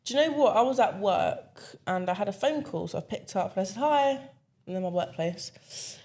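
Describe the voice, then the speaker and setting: A woman's voice: mid-range voice, expressive, a little fast, a little mellow. A young woman, telling a story to her podcast co-hosts in casual chat, acting out the voices in it and laughing often. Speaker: podcast guest.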